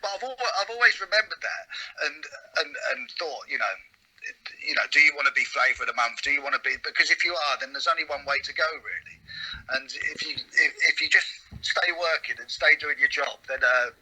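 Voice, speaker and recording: A middle-aged comedian telling stories in a casual interview, reflective and full of hesitant restarts. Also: male voice, on the high side, lively intonation, a little fast, bright, forceful tone, low-quality recording. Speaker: comedian and comedy writer guest.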